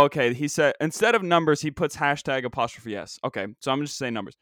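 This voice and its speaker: Animated man ranting on his podcast. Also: a little high, fast talker, few pauses, no room sound, studio quality. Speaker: podcast host. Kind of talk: casual solo podcast rant. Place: at home, dog nearby.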